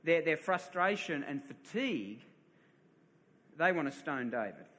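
A middle-aged man preaches in a high, bright voice, telling a personal story and often repeating his words as he builds up. His voice rings out with a long reverb, as in a large hall. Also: sing-song, measured pace. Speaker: pastor. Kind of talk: sermon.

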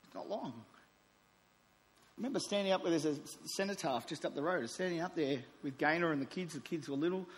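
A man in his forties delivers a sermon. His voice sits a little high, and it moves between emphatic declarations and quieter asides. The sound carries the long reverb of a large hall. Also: moderate pace. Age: 40s. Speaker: preacher.

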